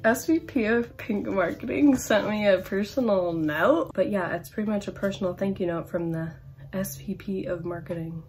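A woman's voice: mid-range voice, moderate pace, darkish tone. A 21-year-old woman chatting in an unboxing vlog, gushing and rambling with constant "like" and "literally.". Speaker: campus brand rep.

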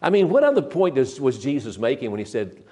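A man's voice: mid-range voice, wildly swooping pitch, warm tone, breathy edge. Earnest older man preaching a sermon. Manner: earnest and emphatic, slows down to stress scripture; repeats words and restarts phrases.

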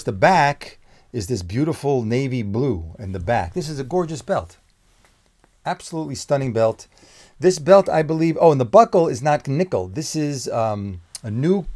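A middle-aged man who owns a menswear shop, unboxing products in an excited, exclaiming, rambling vlog. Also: medium pitch. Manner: enthusiastic, exclaiming, loosely rambling.

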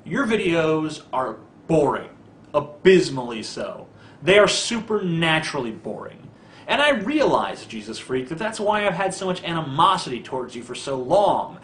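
Sarcastic, bright-voiced ranting man. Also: on the high side, sing-song, normal speed, echoey room, a little hiss or hum. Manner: sarcastic, profane, mocking. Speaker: vlogger. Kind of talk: ranting video commentary.

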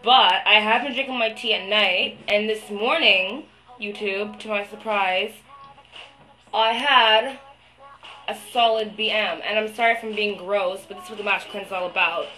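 A young woman talking to the camera in a video diary, venting her frustration, swearing a lot and pausing often with fillers. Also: medium pitch, bright, forceful tone, faint music behind, low-quality recording. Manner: hesitant, many fillers. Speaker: vlogger.

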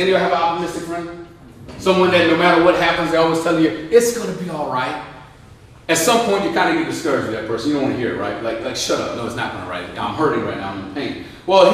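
A veteran man giving a lively motivational speech, joking and asking the crowd questions. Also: a little high, slight background noise. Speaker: guest speaker, veteran. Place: large indoor hall. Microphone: distant microphone. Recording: echoey hall, distant mic.

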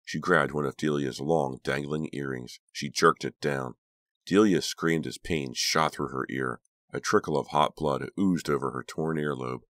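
A man narrating an audiobook in a steady, dramatic reading voice. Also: extremely low pitch, unhurried, no echo, clean studio sound. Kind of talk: scripted narration.

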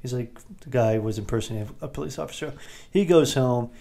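A man hosting a podcast, giving a rambling, jokey recap of a movie with quick asides. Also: mid-range voice, gravelly, dark tone. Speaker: podcast host.

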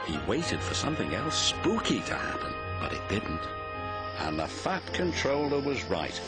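A man narrating a children's storybook in an expressive read-aloud style. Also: on the low side, moderate pace, over loud music. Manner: expressive, animated.

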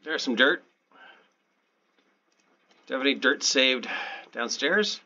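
A man hosting his own gaming channel, talking through his play in a deadpan, sarcastic, self-mocking way. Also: medium pitch, slow, muffled recording. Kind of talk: sarcastic let's play commentary.

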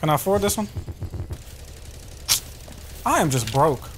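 A man doing live gameplay commentary, excitable and profane, trash-talking and yelling at opponents. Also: fairly high pitch, a little slow, noisy background. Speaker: gaming YouTuber. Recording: game music under the voice. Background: video game music and sound effects.

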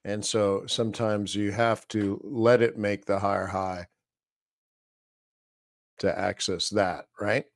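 A man's voice: on the low side, level tone, slow pace, creaky, long pauses, no room sound, clean studio sound. A man hosting a live trading stream, casually talking through market charts and thinking aloud as he goes. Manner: casual, rambling, talks to himself while reading charts. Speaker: trading analyst host.

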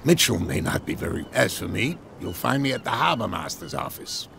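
A gruff, blunt harbour-town man from a video game. His gravelly, low voice swings up and down as he talks. Clear ambient game noise sits behind him. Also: big pitch swings, a little fast, a bit bright, full character voice.

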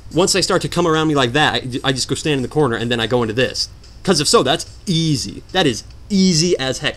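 A man commentating a hard video game, sarcastic and mock-dramatic, swinging from low mutters to sudden outbursts. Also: animated, quick pace, fairly bright tone. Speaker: gameplay commentator. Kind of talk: let's play commentary.

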